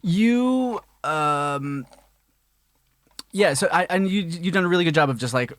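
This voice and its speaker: A man hosting a casual studio chat, halting with many ums and restarts as he builds his questions. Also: on the high side, expressive, fairly bright tone, no echo. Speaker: podcast host.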